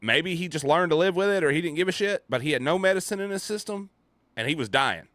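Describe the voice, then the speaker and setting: A man giving casual reaction commentary, animated and rambling, swearing now and then. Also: fairly high pitch, quick pace, no echo. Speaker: commentary YouTuber reacting to a video.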